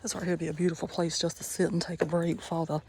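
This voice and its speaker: Southern US accent, casual hiking vlog, chatty, mid pitch, faint outdoor noise. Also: little pitch movement, very fast. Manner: chatty, easygoing, thinks aloud while hiking. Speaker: travel vlogger. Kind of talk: casual walking vlog narration. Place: outdoors on a forest boardwalk trail.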